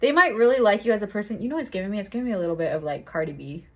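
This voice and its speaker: Young woman, tarot reader, chatty and laughing a lot, loose casual talk, mid pitch. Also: lively intonation, very fast, fairly bright tone. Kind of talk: casual tarot reading to camera.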